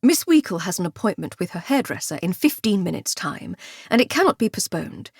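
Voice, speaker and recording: A woman voicing an unflappable male manservant who speaks flatly and precisely, with a reproving tone. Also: on the low side, brisk, gravelly, husky, no echo, clean studio sound, exaggerated voice. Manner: deadpan, flat and precise.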